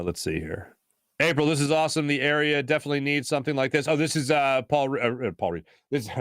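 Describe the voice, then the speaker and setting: A man hosting a casual talk show, rambling through stories with many fillers and animated asides. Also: mid-range voice, dry recording, studio quality. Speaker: show host.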